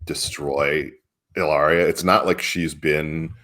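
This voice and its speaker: Deep-voiced man in casual commentary. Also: steady tone, slow, a bit bright. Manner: emphatic, incredulous, chuckling asides. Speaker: publisher and co-host. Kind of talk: casual political chat.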